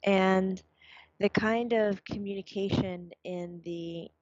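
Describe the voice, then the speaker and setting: Woman just chatting, mid pitch, lots of ums, kinda muffled dry recording. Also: slow, dry recording. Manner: relays quotes in a chatty, animated way with fillers. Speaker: medium relaying her son's words. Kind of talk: casual chat. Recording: dull, dry, lo-fi sound.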